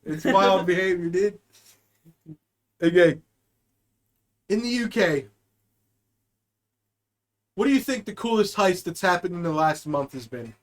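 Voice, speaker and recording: A man's voice: high voice, animated, measured pace, pauses often. A man co-hosting a comedy podcast, chatting casually and jokingly. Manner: joking, does goofy put-on voices. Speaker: podcast co-host.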